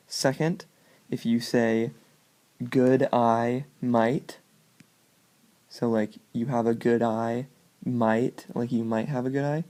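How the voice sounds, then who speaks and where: A man with a gravelly voice and a middle pitch reads short case summaries aloud in a loose, casual way. Now and then he breaks off for offhand jokey asides. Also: mellow. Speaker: student presenter.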